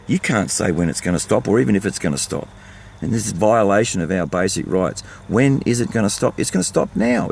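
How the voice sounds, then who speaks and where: Older Aussie bloke, gravelly and fired-up, blunt rant from his vehicle. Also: medium pitch, a little mellow, slight background noise. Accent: Australian. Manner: fired-up, ranting, blunt and repetitive. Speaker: vlogger. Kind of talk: impassioned monologue to camera.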